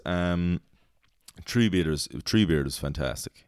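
A man's voice: sits low, moderate pace, clean tone, dry recording, clean studio sound. A young man, hosting a podcast in casual chat, rambling, swearing freely and laughing at his own jokes. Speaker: podcast host.

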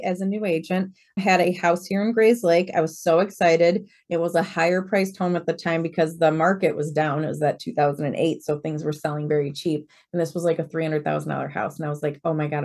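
A woman in her forties, a real estate broker and podcast guest, telling stories in a lively way and acting out the quoted dialogue. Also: on the low side, fairly quick, few pauses. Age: 40s. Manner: lively storyteller who acts out quoted dialogue. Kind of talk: conversational interview storytelling.

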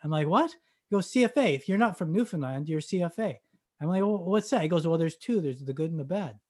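A man from Canada telling a story in casual chat, acting out the dialogue and bursting into loud excited shouts. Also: on the high side, quick pace.

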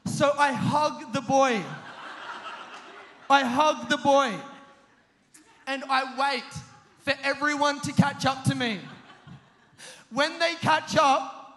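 A young man preaching a sermon, telling a funny story about himself in an animated way and often laughing as he talks. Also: extremely high pitch. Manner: animated, self-mocking, often laughing mid-sentence. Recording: long hall reverb.

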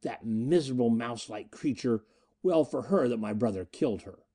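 A man putting on the voice of a proud Martian woman, stern and scornful, with an intense, commanding edge. Her tone is mellow and low-lit, yet it moves up and down with lively pitch. This is an audiobook reading. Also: moderate pace, lightly acted.

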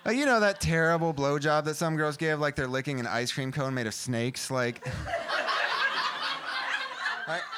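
A man doing a stand-up comedy set, animated and profane, with punchlines that rise to shouts. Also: a little high, moderate pace, long pauses. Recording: noisy live club recording.

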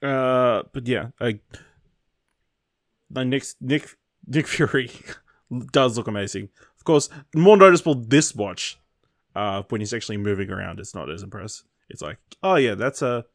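A man co-hosting a casual film podcast, laid-back and often trailing off quietly. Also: mid-range voice, lively intonation, moderate pace, no room sound, studio quality. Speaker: podcast co-host.

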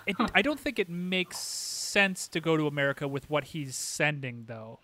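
A man with a fairly high, bright voice retelling a show scene by scene. He chats casually as a podcast co-host and slips quickly into the characters' lines. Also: lively intonation, slight background noise. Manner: chatty play-by-play retelling, briefly mimicking the characters. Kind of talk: casual recap chat.

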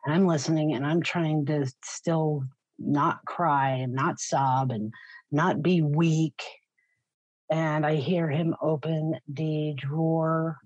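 A woman's voice: low-pitched, a little mellow, no room sound. A middle-aged woman giving a raw, blunt personal testimony in an interview, swearing freely. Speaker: guest sharing her story. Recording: slightly muffled, dry recording.

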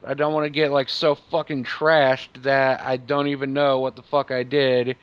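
A man's voice: medium pitch, little pitch movement, moderate pace, clear, resonant tone, no room sound. A man co-hosting a comedy podcast, rambling and swearing freely. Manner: rambling, profane. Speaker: podcast co-host. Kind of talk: casual podcast banter. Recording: dry, dull lo-fi mic.

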